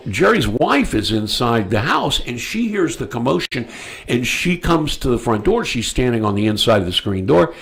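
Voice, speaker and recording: A man hosting a radio talk show, telling a story bluntly and crudely, loudly acting out the people in it. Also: mid-range voice, gravelly. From United States. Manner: animated storyteller, acts out quoted voices loudly.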